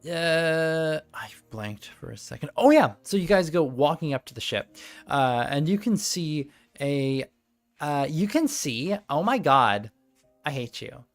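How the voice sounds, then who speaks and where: A man's voice: fairly high pitch, very animated, a little slow, dry recording, faint music behind. A man narrating a tabletop game as game master on a live stream, rambling and easily distracted, laughing often.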